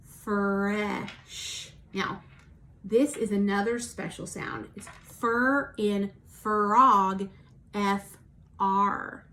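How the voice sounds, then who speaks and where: A woman teacher giving a recorded phonics lesson for young children, slowly modelling sounds for them to repeat and praising them patiently. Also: medium pitch, steady tone, pushed and bright. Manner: encouraging, patient. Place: at home.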